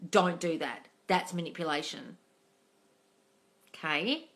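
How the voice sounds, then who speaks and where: A woman's voice: fairly low pitch, slow, fairly bright tone. A woman coach reading viewer questions aloud on a casual live stream, blunt and full of swearing, calling everyone darling.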